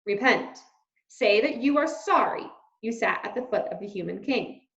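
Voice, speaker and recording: A woman's voice: a little high, expressive, moderate pace, gravelly, fairly bright tone. A woman voicing a stern, pompous male mouse leader who hands down commands. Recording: roomy, slightly dull recording.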